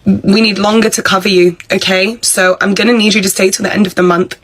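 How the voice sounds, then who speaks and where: A woman's voice: mid-range voice, flat delivery, fairly quick, natural voice, low-quality recording. A woman playing Karen, the bossy pub manager. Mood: condescending. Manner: condescending, controlling, entitled. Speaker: manager character. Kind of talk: comedy sketch voice acting.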